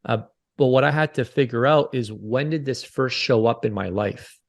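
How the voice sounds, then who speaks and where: A man in his forties speaks as a podcast guest, earnest and confessional, circling back over his own words as he tells a personal story. His pitch sits in an ordinary middle range for a man. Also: normal speed, creaky. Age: 40s. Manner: earnest, confessional, repeats phrases. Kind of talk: candid interview storytelling.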